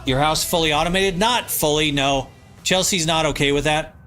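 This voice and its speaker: A man's voice: fairly high pitch, normal speed, sharp tone, soft background music. Nasal man streaming live. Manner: reads viewer comments aloud and answers them, rambling with fillers. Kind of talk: casual live-stream chat while gaming. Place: home basement.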